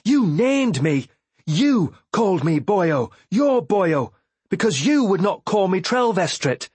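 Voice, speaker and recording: A man voicing a desperate sailor pleading loudly with the ship that raised him in an audiobook. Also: high voice, very animated, takes it slowly, husky, no echo, pitched above the performer's own voice, heavily acted. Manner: pleading, bellowing.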